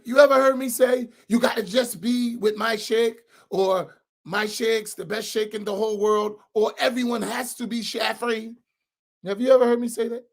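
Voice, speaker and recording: Giving an informal class on religion, this imam keeps things conversational, regularly checks on his audience and hammers home key points by repeating them. He has a very high voice with vocal fry.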